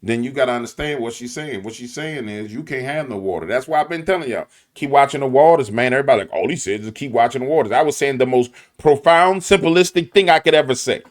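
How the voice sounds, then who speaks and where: A man's voice: mid-range voice, quick pace, hardly any pauses. New orleans guy ranting, slangy, keeps hammering the same point. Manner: animated, preachy, repetitive, Southern slang. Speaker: commentator. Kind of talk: conspiracy commentary.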